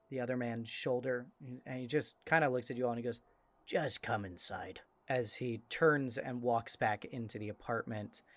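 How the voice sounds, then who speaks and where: A man narrating scenes as game master of a tabletop role-playing game, relaxed and full of fillers. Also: medium pitch. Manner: relaxed, descriptive, with many "uh" fillers.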